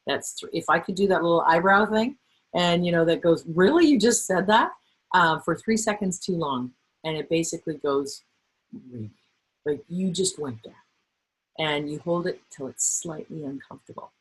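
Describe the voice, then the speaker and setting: Woman trainer, low husky voice, lively webinar talk, acts out quotes. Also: normal speed, low-quality recording. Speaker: workplace trainer. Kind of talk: webinar presentation.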